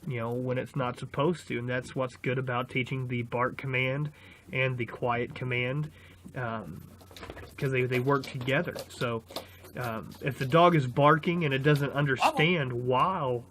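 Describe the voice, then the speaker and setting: A man dog trainer on a noisy outdoor recording, talking through a puppy training session in a relaxed, explanatory way. His pitch is mid-range, and he fills his talk with ums and restarts. A puppy barks over and over behind him. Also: measured pace. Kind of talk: casual instructional talk. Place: outdoors on a rainy day during a training session. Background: a puppy barking repeatedly.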